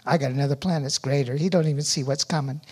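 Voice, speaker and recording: A middle-aged man giving a sermon testimony, telling his story with animated energy that rises loud at its peaks. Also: a little high, quick pace, slightly rough. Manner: animated storytelling, rising loud when reliving pain.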